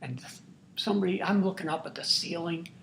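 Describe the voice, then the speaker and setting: A man's voice: on the high side, a little fast, creaky, a bit bright, slight background noise. An older man, a grandfather, telling a true family story to his grandchildren in a folksy, earnest, marveling way. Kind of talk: casual spoken storytelling. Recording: roomy echo.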